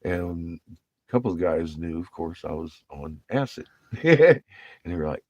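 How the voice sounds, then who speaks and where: A man with a very low, husky voice tells rambling, cuss-filled stories in loose vlog talk. He laughs often as he goes. The sound is dry and close, with no room echo. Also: lively intonation, measured pace, a little mellow. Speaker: vlogger telling navy stories. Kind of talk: rambling casual storytelling.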